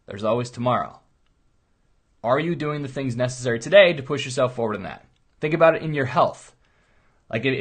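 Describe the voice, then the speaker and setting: Here a middle-aged chiropractor's medium-pitched voice sounds a bit bright and slightly rough. He rambles through an earnest motivational monologue, casual and full of stories.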